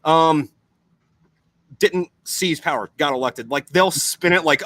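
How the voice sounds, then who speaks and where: A man's voice: a little high, slow pace. A young man chatting casually on a podcast, rambling and swearing constantly as he explains things. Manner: profane, rambling, animated.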